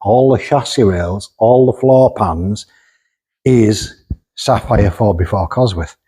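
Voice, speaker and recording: Speaking slowly in a lowish, warm voice with a breathy edge, a man hosts the car vlog for the workshop he owns. He circles the cars with casual banter, blunt humor and frequent laughter.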